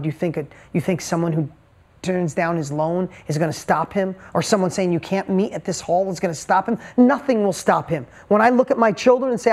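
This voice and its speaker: A man's voice: sits high, a little fast, darkish tone. A middle-aged man giving a motivational talk, telling a story and repeating key points with emphasis. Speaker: motivational speaker.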